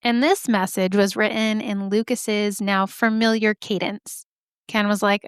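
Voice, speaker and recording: A woman's voice: medium pitch, steady tone, unhurried, clear, resonant tone, no room sound, clean studio sound. A woman hosting a podcast, telling a story casually with joking asides and lots of "like". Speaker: podcast host.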